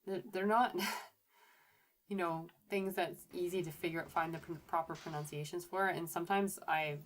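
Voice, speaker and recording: A woman archaeologist giving casual commentary while streaming a game, chatty and hesitant, often correcting herself. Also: sits low.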